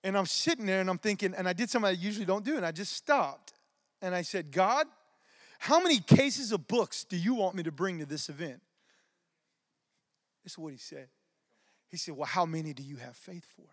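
A man preaching in a church with a notably high voice. He tells his story in a lively, casual way, dropping "man" and "y'all" as he goes. The sound is dry and close. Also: fairly quick, long pauses, no room sound. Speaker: preacher teaching on dreams. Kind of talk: informal church teaching and testimony.

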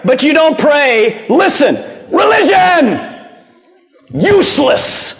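Animated high-pitched male preacher. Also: a little slow, in a large hall. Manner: animated preaching with rhetorical questions and sudden drops to low hushed tones. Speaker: pastor. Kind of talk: sermon. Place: church sanctuary.

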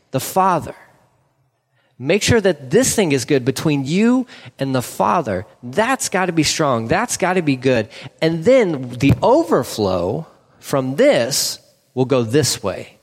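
A man preaching a sermon as pastor, earnest, repeating phrases for emphasis and stumbling over restarts. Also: a little high. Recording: long hall reverb.

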